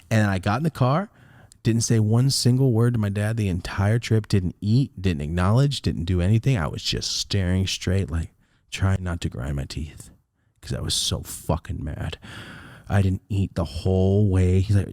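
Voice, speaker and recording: Loud, swearing young man telling a story. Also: on the low side, moderate pace, dry recording, clean studio sound. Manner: swings from loud excited outbursts to quiet mutters, laughs often, swears a lot. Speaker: podcast co-host. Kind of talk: animated storytelling.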